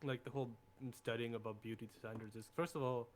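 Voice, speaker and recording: A man in a casual group discussion, rambling hesitantly and trailing off quietly. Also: mid-range voice, steady tone, fast talker, a little hiss or hum. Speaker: podcast co-host.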